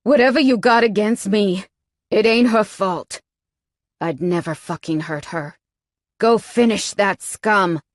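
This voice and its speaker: A woman voicing a rough, protective male biker who rasps his words urgently in an audiobook. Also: medium pitch, unhurried, no room sound, clean studio sound, natural voice. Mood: fierce. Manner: rasping, urgent.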